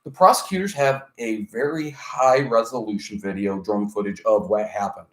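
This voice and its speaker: A former EMT with a fairly low voice speaks at normal speed in casual podcast chat. He tells animated stories, swears, and quotes other people's voices. The room is echoey.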